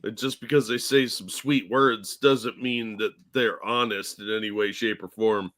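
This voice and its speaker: A man's voice: on the low side, fairly even intonation, unhurried, pushed and bright. A man co-hosting a casual podcast chat, making blunt, crude, sarcastic remarks. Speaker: co-host.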